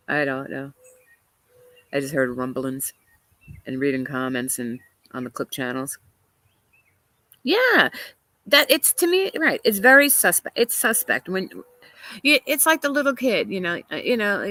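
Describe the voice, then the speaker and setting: Bright-voiced woman chatting opinionated. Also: low-pitched, no echo, rough recording. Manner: opinionated, chatty, laughs often. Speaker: livestream host. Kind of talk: casual livestream chat reading comments. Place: outdoors in a garden.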